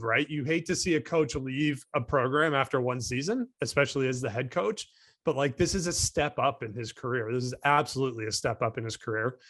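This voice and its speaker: A man's voice: mid-range voice, fairly bright tone, no echo, studio quality. Man co-host thinking aloud. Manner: rambling, thinking aloud with restarts. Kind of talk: casual panel discussion.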